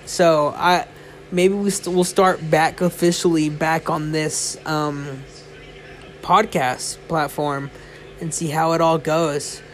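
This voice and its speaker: Tired, chatty young man with a high voice. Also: level tone, slow pace, a bit bright, slight background noise. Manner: rambling and chatty, many fillers. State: tired, yawning. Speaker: podcast host. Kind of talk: casual solo podcast chat. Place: indoors, lying in bed.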